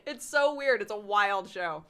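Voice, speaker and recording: A woman hosting a livestream, chatting casually in an animated way, laughing often and swearing now and then. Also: mid-range voice, measured pace, smooth. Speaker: livestream host. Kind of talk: casual stream chat.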